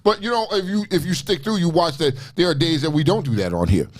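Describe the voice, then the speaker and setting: A man with a New York accent, co-hosting a casual talk show, telling stories in a profane, animated way with lots of restarts. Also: a little high, fast talker. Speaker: co-host. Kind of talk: casual podcast chat.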